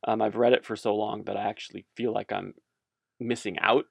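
A man's voice: on the low side, little pitch movement, fairly quick, vocal fry, husky, no room sound. A man giving casual religious commentary as a podcast host, rambling and self-amused, wandering off on tangents.

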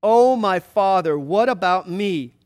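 A man's voice: high voice, expressive, takes it slowly. A man reading as a desperate pleading son.

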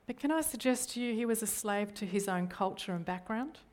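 Speaking animatedly and a little fast, this middle-aged Australian church leader preaches earnestly with a somewhat mellow, medium-pitched female voice. Rhetorical questions to the congregation come up often.

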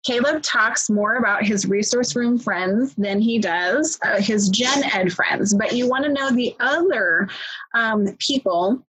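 A woman's voice: on the high side, unhurried, a bit bright, slightly rough, rough recording. A woman co-hosting a casual parenting chat, talking in a rambling way with many fillers. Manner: chatty, rambling, lots of fillers. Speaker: podcast co-host, parent.

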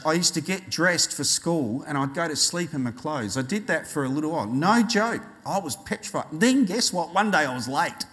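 A man preaching a sermon, telling a personal story and acting out voices with animated delivery. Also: fairly high pitch, in a large hall. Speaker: pastor.

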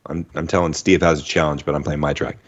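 A man with a remarkably deep, low voice chats casually as a podcast co-host. His talk is loose, profane and quick to get excited, joining the others over a remote call. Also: lo-fi sound. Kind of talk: casual chat.

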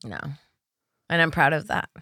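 A woman's voice: deep voice, lively intonation, moderate pace, pushed and bright, no echo, studio quality. A woman co-hosting a comedy podcast, joking and complaining bluntly in casual chat. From Puerto Rico. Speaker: podcast co-host. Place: comedy club.

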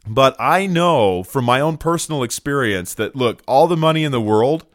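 A man's voice: mid-range voice, lively intonation, moderate pace, no room sound, studio quality. A middle-aged man hosting a business podcast, talking earnestly and emphatically, with a lot of "right?" and "look". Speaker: podcast host, business owner. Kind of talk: motivational podcast talk.

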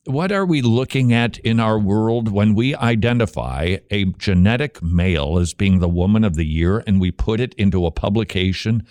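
A man hosts a talk show with opinionated, emphatic commentary. His delivery is animated and sarcastic. The sound is dry, with no room around it. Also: lowish voice, moderate pace, few pauses, no room sound.

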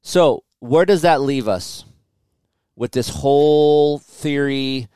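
A man in his forties co-hosting a podcast, telling his story in a casual, animated and impatient way, with many restarts. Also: mid-range voice, takes it slowly, clean tone, no echo, clean studio sound. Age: 40s. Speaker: podcast co-host. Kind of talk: casual chat.

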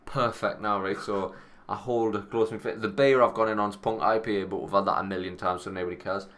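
A man's voice: fairly low pitch, steady tone, fast talker, fairly bright tone. A man co-hosting a podcast in casual chat, rambling and swearing as he tells stories. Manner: rambling, storytelling, swears freely. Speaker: podcast co-host.

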